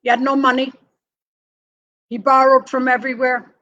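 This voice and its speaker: Older woman, high voice, emphatic, vivid storyteller, interview guest. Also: flat delivery, moderate pace, fairly bright tone, dull audio. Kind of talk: personal storytelling.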